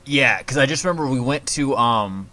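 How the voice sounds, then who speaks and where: A man's voice: medium pitch, animated, normal speed, bright, forceful tone. A man co-hosting a podcast, telling anecdotes in casual chat, swearing and laughing freely. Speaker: podcast co-host.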